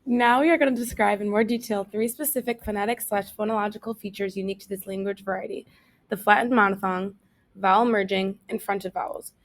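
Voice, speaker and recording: A young woman student presents a technical section of a class talk. She reads the terms from her script in a voice of middle pitch. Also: fairly even intonation, brisk.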